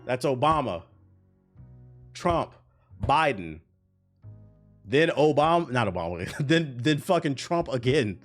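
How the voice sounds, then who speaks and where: A man's voice: medium pitch, sing-song, slow pace, long pauses, faint music behind. A young man in his twenties, a streamer, talking through gaming news in a casual, rambling and profane way. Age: 20s.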